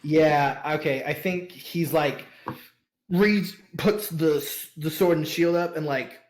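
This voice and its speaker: A man with a slightly high voice runs a tabletop game as its game master. He narrates loosely and rambles, stopping often for fillers and quick laughs.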